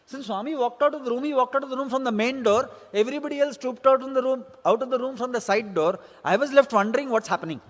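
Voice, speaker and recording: A man's voice: very high voice, fast, few pauses. A man, a teacher, telling a personal story from his student days and acting out the exchanges he quotes. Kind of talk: spoken personal anecdote. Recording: hall reverb.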